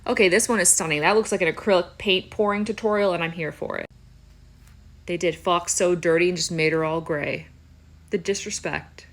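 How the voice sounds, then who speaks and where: A woman's voice: lowish voice, fairly even intonation, brisk. Wry young woman joking through reactions. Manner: wry, playful, sarcastic asides. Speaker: YouTuber. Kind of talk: comedic reaction commentary.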